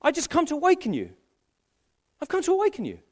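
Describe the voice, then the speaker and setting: A man voicing a gentle male savior figure who calls people to wake up, eager and repetitive in his words. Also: extremely high pitch, huge pitch swings, fast talker, voice pushed up, full character voice. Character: gentle reassuring male savior calling sleepers.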